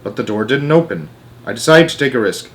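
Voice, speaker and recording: A man reading a children's novel aloud as a storyteller, with lively, dramatic delivery. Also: medium pitch, a little fast.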